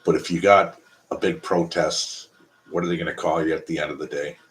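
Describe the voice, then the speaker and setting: A man's voice: rumbling low, steady tone, a little fast. A Canadian man hosting a casual live stream, talking bluntly and profanely in a rambling way.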